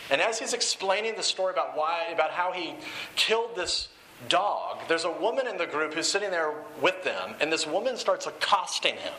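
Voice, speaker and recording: A man's voice: fairly high pitch, very animated, moderate pace, bright, forceful tone. A male pastor preaching a sermon in a loose, conversational way, with fillers and repeated phrases. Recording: echoey room with faint hiss.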